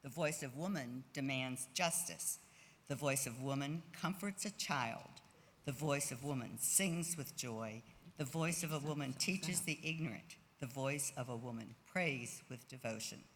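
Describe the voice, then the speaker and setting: A man with a gravelly, mid-pitched voice recites prayers at a measured, steady pace. He is recorded in an echoey synagogue sanctuary with long reverb. A faint hum of room ambience sits under him. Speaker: service reader. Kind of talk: responsive prayer reading.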